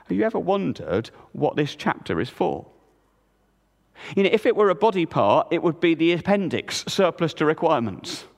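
A man preaching a sermon, retelling a story vividly in a measured voice and then turning to the congregation. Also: a little high, big pitch swings, gravelly, big-room sound.

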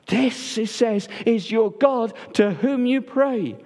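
High-voiced male preacher in a reverberant church. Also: slow pace, few pauses. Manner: swings between loud emphatic and hushed low delivery. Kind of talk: sermon.

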